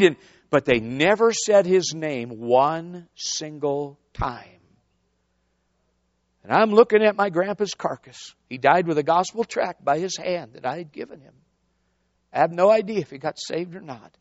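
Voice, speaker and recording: Male preacher, high voice, dry close sound, animated storytelling sermon, calls to the congregation. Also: measured pace, no room sound. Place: church before a congregation. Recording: dull, lo-fi sound.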